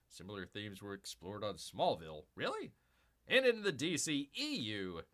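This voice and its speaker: A man's voice: mid-range voice, sharp tone. A man hosting a live stream, reading news aloud and breaking off into sarcastic, mocking asides, rambling with many fillers. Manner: rambling with frequent fillers and restarts.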